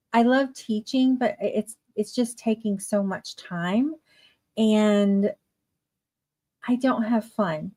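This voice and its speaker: A woman's voice: on the high side, darkish tone. A woman hosting a writing livestream, chatting casually and greeting viewers fondly by name. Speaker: livestream host of writing sprints.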